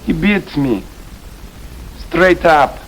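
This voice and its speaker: A man putting on the voice of a gruff gambler grudgingly conceding a bet, quoting a movie line. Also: fairly high pitch, expressive, very slow, a bit bright, slight background noise, pitched above the performer's own voice, full character voice, low-quality recording.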